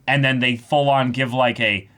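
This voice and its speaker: Guy cohosting an anime reaction, rambly, says like a lot, gets hyped fast. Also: medium pitch. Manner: excitable, with filler-heavy rambling and sudden shouting bursts. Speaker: co-host of an anime reaction show. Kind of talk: casual chat.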